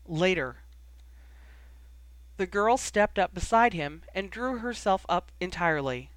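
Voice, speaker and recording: A reader narrating a fan fiction audiobook in a measured, expressive way. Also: medium pitch, clear, resonant tone, dry recording.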